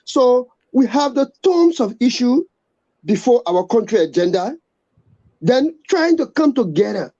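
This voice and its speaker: A man giving political commentary, halting and repeating words. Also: very high voice, very animated, warm tone, lo-fi sound. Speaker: guest commentator.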